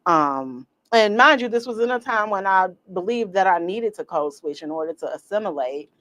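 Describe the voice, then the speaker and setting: A middle-aged woman co-hosting a podcast in casual chat, telling lively stories and acting out quotes. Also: medium pitch, normal speed. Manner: animated storyteller, acts out quotes. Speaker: podcast co-host.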